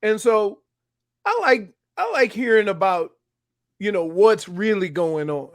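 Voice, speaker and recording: A man's voice: high-pitched, animated, a little slow, dry recording, studio quality. A man co-hosting sports talk radio, chatting casually and explaining his opinions.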